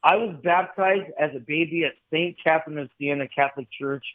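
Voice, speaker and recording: A man's voice: on the high side, fairly quick. A man in his forties from Southern California, a guest telling his story intensely and repeating himself, on a remote call line. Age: 40s. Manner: intense, repetitive, calls the host bro. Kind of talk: casual storytelling conversation. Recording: tinny phone-like call line.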